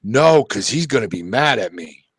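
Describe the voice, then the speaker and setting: A man's voice: mid-range voice, very animated, moderate pace, breathy edge, dry recording. Laughing older man telling family stories. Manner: folksy, laughing storyteller. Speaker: show host. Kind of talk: casual talk show chat.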